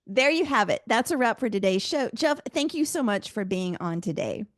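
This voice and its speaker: A woman's voice: on the high side, lively intonation, moderate pace, dry recording, studio quality. A woman hosting a podcast, asking interview questions in an upbeat way and laughing often. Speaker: podcast host. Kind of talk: casual interview.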